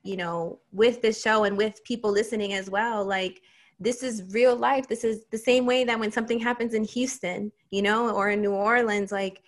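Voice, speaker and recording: A woman's voice: medium pitch, steady tone, moderate pace. A woman hosting a casual conversation, talking in a rambling way with many fillers. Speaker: host.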